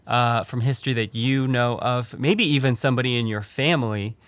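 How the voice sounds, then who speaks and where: A man's voice: mid-range voice, fairly quick, fairly bright tone, no echo. Rambling male podcast co-host. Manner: rambling, many restarts and fillers. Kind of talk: casual podcast chat.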